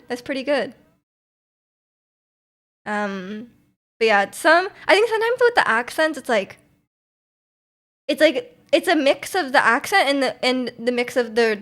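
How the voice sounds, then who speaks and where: A young woman streamer chatting casually with her viewers, rambling with lots of "like"s and restarts and laughing often. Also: high-pitched. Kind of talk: casual chat reading chat messages.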